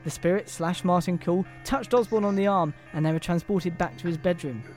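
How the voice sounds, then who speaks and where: An English man with a high-pitched voice reads a comic Christmas story aloud on a podcast. He leans into the drama and plays each character's voice. Soft music sits behind him. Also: fairly quick. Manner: reads dramatically, breaking off into laughter and asides.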